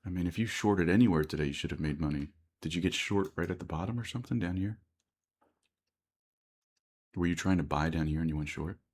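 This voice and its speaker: A man's voice: low-pitched, fairly quick, long pauses, darkish tone. An American man commenting on live day trading on a stream, thinking aloud and reading out chat questions. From United States.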